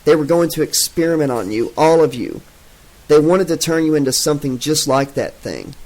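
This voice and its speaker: A man's voice: a little high, normal speed, a little mellow, natural voice, low-quality recording. A man doing an urgent pleading woman.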